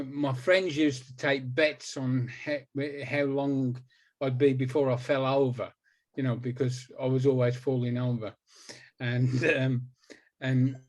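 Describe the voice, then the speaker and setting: A man's voice: mid-range voice, darkish tone. A man in his sixties, a hypnotist guest in a conversational interview, talking emphatically and repeating words for stress.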